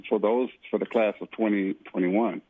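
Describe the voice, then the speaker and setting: A man calling in as a guest on a radio show, chatting in a lively, folksy way. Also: lowish voice, normal speed. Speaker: guest caller. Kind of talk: casual on-air chat. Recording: tinny phone line, dry.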